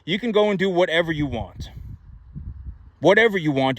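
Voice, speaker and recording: A man's voice: a little high, lively intonation, normal speed, pauses often, fairly bright tone, no room sound. A man giving money advice in a casual, emphatic monologue, repeating himself and asking rhetorical questions. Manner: repetitive, emphatic, many rhetorical "right?" asides.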